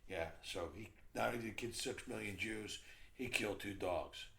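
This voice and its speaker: Gravelly low-voiced comedian, profane. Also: male voice, moderate pace, a bit bright. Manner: profane, crude storyteller. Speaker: comedian guest. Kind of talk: casual chat, telling dirty jokes.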